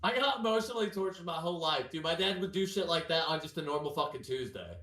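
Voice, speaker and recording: A man in casual podcast chat, spinning animated, profane stories stuffed with "like". He sits back from the mic, so his voice carries a roomy echo. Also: a little high, quick pace. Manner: animated, profane storyteller full of "like" fillers. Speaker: podcast co-host. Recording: echoey room, far from the mic.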